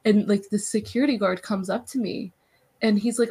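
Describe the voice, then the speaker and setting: A young adult woman, a guest on a podcast, chatting in a bubbly, excitable way full of "like"s. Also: medium pitch, fairly quick, slightly rough. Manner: bubbly, excitable storytelling, many "like"s. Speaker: wrestling interviewer, podcast guest. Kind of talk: casual podcast chat.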